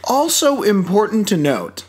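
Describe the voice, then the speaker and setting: A man's voice: sits high, wildly swooping pitch, measured pace, darkish tone, breathy edge. A man co-hosting a podcast, reviewing a movie in casual chat, sarcastic and swearing as he acts out mocking quotes. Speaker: podcast co-host.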